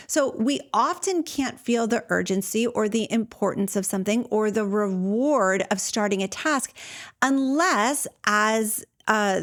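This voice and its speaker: A middle-aged woman hosting a solo podcast, talking candidly and earnestly, with many fillers and restarts. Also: mid-range voice. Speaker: podcast host. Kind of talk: casual solo podcast talk.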